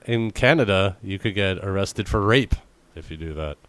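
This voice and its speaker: A man's voice: sits low, animated, normal speed, a bit bright, smooth, dry recording. A man co-hosting a casual podcast, joking around and reading strange news stories aloud with sarcastic asides. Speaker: podcast co-host.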